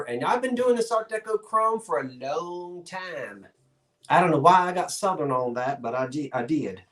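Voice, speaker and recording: A man's voice: a little high, animated, moderate pace, a bit bright, reverberant. A man hosting a live-streamed online auction, talking in a chatty, folksy way with rambling asides. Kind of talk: live-streamed sale, casual chat.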